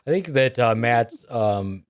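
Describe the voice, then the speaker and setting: A man's voice: medium pitch, animated, takes it slowly, dry recording, studio quality. A man hosting a podcast, teasing his co-hosts and swearing freely. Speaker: podcast host. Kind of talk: casual chat.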